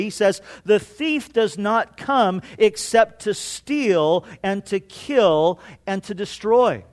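Guy pastor preaching, kinda high voice, slows down on the big points, throws in jokes. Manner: storytelling with jokes, slowing for emphasis. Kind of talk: sermon.

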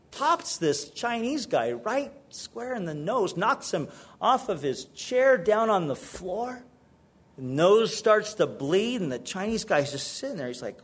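Animated husky-voiced male pastor. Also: fairly high pitch. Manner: animated, conversational storytelling with repeated restarts. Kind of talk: sermon.

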